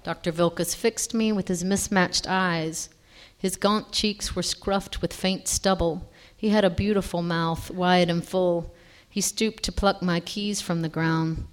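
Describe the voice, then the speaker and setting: A woman reading a first-person story aloud in an expressive way, now and then stopping to correct herself. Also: lowish voice, clear, resonant tone. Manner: expressive, with small self-corrections.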